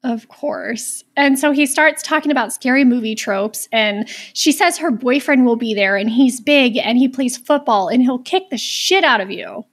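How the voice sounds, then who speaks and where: A woman's voice: on the high side, animated, normal speed, hardly any pauses, a bit bright, breathy edge. A woman co-hosting a podcast, recapping a horror movie in casual, sarcastic chat and swearing freely. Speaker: podcast co-host.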